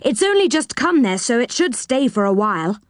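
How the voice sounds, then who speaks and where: A woman's voice: on the high side, very animated, moderate pace, no room sound, studio quality, voice pushed up. A woman voicing a sensible male magical tree dweller. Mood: matter-of-fact.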